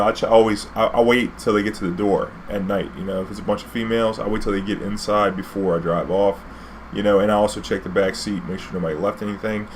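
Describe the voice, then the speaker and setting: A man's voice: fairly low pitch, slight background noise. A man, a former cab driver, telling a rambling story in a casual vlog with plenty of slang and fillers. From New Orleans. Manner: laid-back, rambling, heavy use of fillers and slang.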